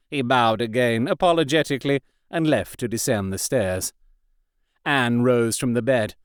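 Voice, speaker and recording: A man narrating a historical romance audiobook in an expressive storytelling manner. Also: mid-range voice, normal speed, smooth, no echo, studio quality. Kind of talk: scripted narration.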